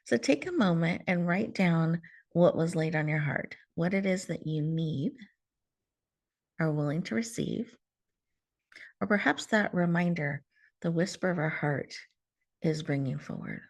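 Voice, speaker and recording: Woman host, calm guided-breathing coach, lower voice, soothing, over a video call. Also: a little slow, long pauses. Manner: soothing, warm coaching with soft laughs, drops to whispers. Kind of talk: gentle guided mindfulness talk.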